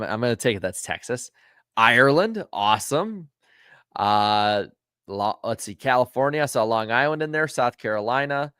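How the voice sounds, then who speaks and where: This livestream host from Florida has a medium-pitched, fairly bright, clear and resonant voice, captured in clean studio sound with no echo. Casually chatting and reading comments, he rambles with frequent ums and uhs, becoming firm when he scolds rude viewers.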